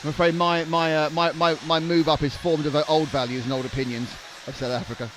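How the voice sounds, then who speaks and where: A man's voice: a little high, level tone, quick pace. A young man doing live race commentary in a joking, rambling way, often stammering and restarting. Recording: noisy trackside broadcast.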